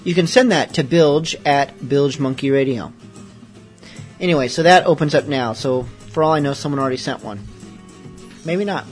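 A man's voice: fairly high pitch, normal speed, faint music behind. A man hosting a late-night radio show, talking casually with rambling, self-deprecating asides. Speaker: host.

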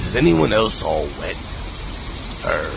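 Pirate captain played by a man, gravelly, bawdy, lively swooping pitch, comic announcement. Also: slow, full character voice. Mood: rowdy. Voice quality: gravelly, growling pirate talk. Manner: bawdy, theatrical announcer delivery. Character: boisterous rowdy male pirate captain. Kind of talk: comic public service announcement. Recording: rain and ambient noise behind.

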